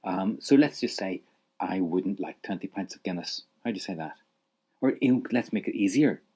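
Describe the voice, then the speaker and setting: A man's voice: sits low, expressive, normal speed, mellow, slightly rough. A man leading a spoken language lesson, patiently prompting the listener to repeat phrases and praising each answer. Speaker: language teacher.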